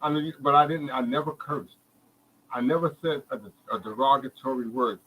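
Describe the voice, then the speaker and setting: Brisk and medium-pitched with a slightly bright edge, this fan host from Brooklyn reacts live to a basketball game, getting emotional and heated, repeating himself as he speaks directly to viewers. He is middle-aged, and the poor audio has a little hiss or hum.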